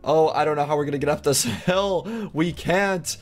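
A young man hosting a gameplay channel, talking through an obstacle course in excited casual commentary that jumps into high squeals when something surprises him. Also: normal speed. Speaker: gaming channel host. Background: faint background music.

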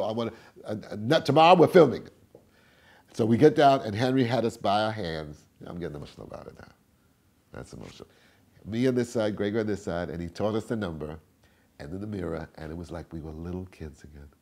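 An elderly tap dancer being interviewed spins animated tales from earlier in his life. His voice is husky and mellow, yet it leaps high and loud, then sinks low and quiet, whenever he impersonates someone he's quoting.

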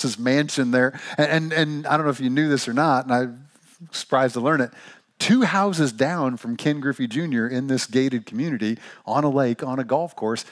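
A man from Missouri preaching a sermon, telling a joke story with an animated, playful manner. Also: mid-range voice. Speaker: pastor.

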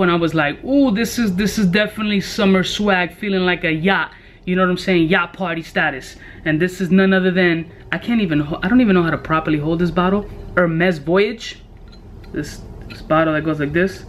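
Man, high voice, brash joking perfume reviewer, profane slang, faint room noise. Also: a bit bright. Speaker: fragrance reviewer. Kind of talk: casual product review vlog.

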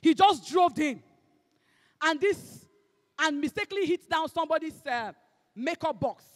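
A woman with a Nigerian accent preaching a sermon, emphatic and fervent, swinging between shouted exhortation and hushed asides, slipping into Pidgin phrases. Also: high-pitched, animated, a little slow, in a large hall.

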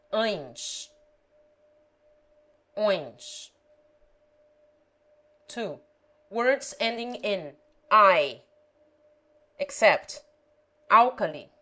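A woman reading a grammar lesson aloud, pronouncing example words carefully and deliberately. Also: mid-range voice, sharp tone, poor audio. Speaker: language teacher.

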